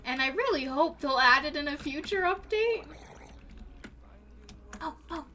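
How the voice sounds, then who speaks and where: A young woman livestreaming a game in casual chat, excitable and prone to gasping and squealing at what she finds. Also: high voice, unhurried, slight background noise. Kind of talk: casual gaming stream chat.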